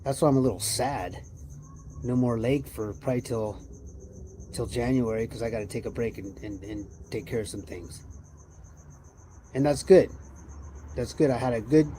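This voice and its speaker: A tired livestream host muses aloud in a mellow, medium-pitched voice, drifting through loose, rambling casual chat with rhetorical questions. There's a little hiss or hum in the recording.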